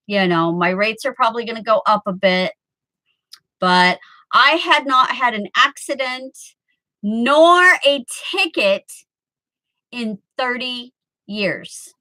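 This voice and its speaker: A woman's voice: a little high, unhurried, sharp tone, rough recording. A woman in her early fifties chatting casually with viewers from home on a webcam, rambling and laughing often. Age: 50s. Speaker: live streamer chatting with viewers. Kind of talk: casual chat.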